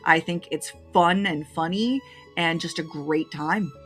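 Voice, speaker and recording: A woman's voice: low-pitched, measured pace, soft background music. A woman gushing through her favorite movies to camera in a casual review, openly emotional and getting choked up as she talks.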